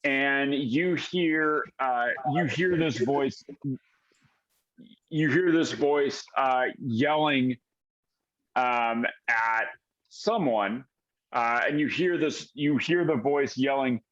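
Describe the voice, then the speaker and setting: A man's voice: mid-range voice, takes it slowly, a bit bright, dull audio. A man narrating as game master of a tabletop game, hesitant, with many fillers and restarts.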